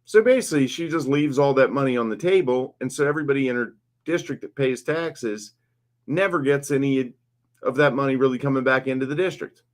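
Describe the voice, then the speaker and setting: A man's voice: mid-range voice, a little fast. Man, 50s, candidate on his own stream; blunt, passionate, rambling, plain mid-range voice. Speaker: congressional candidate. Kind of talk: casual live stream talk.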